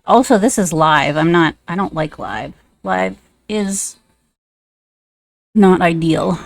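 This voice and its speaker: A woman's voice: fairly low pitch, lively intonation, takes it slowly, vocal fry, no echo. Chatty woman streamer, dry close sound. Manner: chatty, rambling, many fillers; sing-song baby talk to a pet. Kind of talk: casual chat while drawing on stream.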